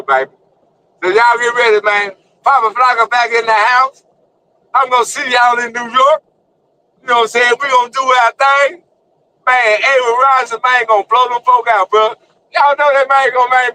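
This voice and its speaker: Older male streamer, loud casual hype talk, cutting bright tone, profane and excitable. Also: very high voice, a little hiss or hum, low-quality recording. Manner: excitable, brash and profane, peppers talk with "man" and "you know what I'm saying". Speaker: streamer and show host. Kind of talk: casual hyped vlog talk.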